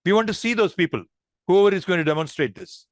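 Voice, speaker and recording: A man's voice: high voice, animated, quick pace, dry recording, studio quality. A man leading an online public speaking workshop, demonstrative and addressing the group as friends.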